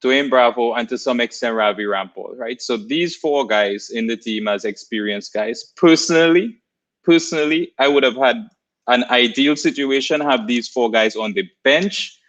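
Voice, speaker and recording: A man co-hosting a cricket podcast who talks in a calm, measured way, with a few ums and uhs. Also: mid-range voice, highs cut off. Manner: calm, measured, agreeable, with fillers. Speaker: podcast co-host.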